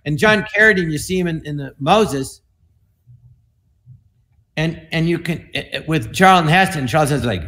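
Animated storytelling man in his sixties. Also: a little high. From United States. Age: 60s. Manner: animated, slips into quick impressions and voices. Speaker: comedian guest on an online panel. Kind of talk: casual storytelling.

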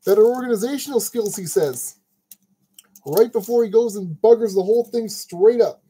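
A man's voice: high-pitched, normal speed, mellow, breathy edge, poor audio. A man hosting a crafting video, chatting casually and joking at his own expense while he sorts kit parts. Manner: chatty, self-deprecating, talks to himself while sorting parts. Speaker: crafting channel host. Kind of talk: casual narration while building a model kit.

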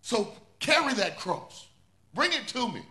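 Preacher guy, bright high-ish voice, repeats his lines over and over, sermon energy. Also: sing-song, unhurried. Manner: preaching with rising and falling intensity, repeating refrains. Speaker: pastor.

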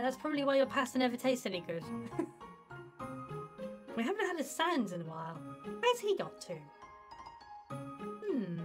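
A woman hosting a gaming video, chatting casually and giggly as she plays. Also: fairly high pitch. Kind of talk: casual game commentary.

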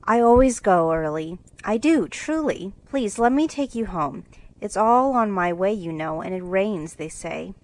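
A woman's voice: mid-range voice, lively intonation, measured pace, a little mellow, rough recording. A woman voicing a friendly, courteous teenage boy with a polite, obliging manner, in a storybook reading.

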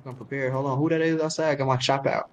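A man's voice: mid-range voice, steady tone, slight background noise. A man in a game role-play, talking boastfully about money and clothes. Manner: fast boastful street talk, shows off outfits. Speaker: fellow role-play player.

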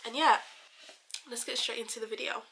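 A woman's voice: on the high side, steady tone, brisk, gravelly, bright, forceful tone, faint music behind, low-quality recording. A young woman chatting casually through a shopping haul, bubbly and full of fillers. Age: young adult. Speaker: beauty vlogger.

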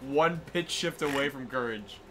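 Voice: mid-range voice, normal speed, over music. A game co-host riffing playfully during a let's-play session. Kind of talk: casual let's-play banter.

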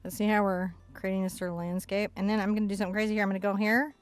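A woman's voice: mid-range voice, little pitch movement, rapid-fire, faint music behind. A woman teaching a casual step-by-step acrylic painting lesson in a chatty, playful way, narrating her brushwork as she goes. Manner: chatty, playful, talks to herself while painting.

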